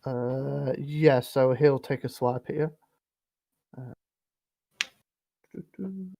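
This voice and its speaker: A man narrating as dungeon master in a relaxed, rambling way, full of fillers. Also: medium pitch, slow pace, creaky. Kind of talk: narrating a tabletop game.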